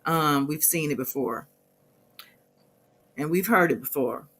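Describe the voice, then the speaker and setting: Sassy chatty woman with a bright voice. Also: low-pitched, a little slow, a little hiss or hum. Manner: sassy, chatty, laughs often. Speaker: host of a celebrity gossip channel. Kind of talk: casual reaction commentary.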